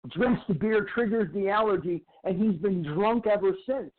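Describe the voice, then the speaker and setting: A man giving a twelve-step recovery talk in a storytelling lecture style, slowly repeating phrases for emphasis. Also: high-pitched. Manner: slow, emphatic repetition of phrases. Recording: tinny phone-like sound.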